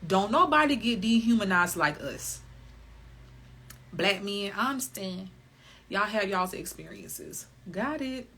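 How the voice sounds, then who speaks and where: Woman, wellness podcast host, candid solo talk, animated and emphatic, swears freely, bright tense tone, breathy edge. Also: mid-range voice, a little slow.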